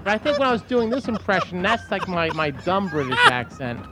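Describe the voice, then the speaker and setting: A male podcast co-host chatting casually and rambling, with frequent filler pauses. His voice is high and lively, swinging widely in pitch. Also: heavy background noise. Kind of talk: casual comedy chat.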